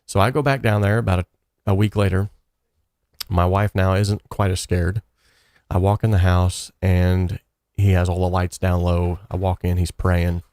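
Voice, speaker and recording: A man with a low, deep voice recounts a personal story in a lively way. He slips into the voices of the people he quotes as he goes. The sound is close and dry, with no room echo. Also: normal speed.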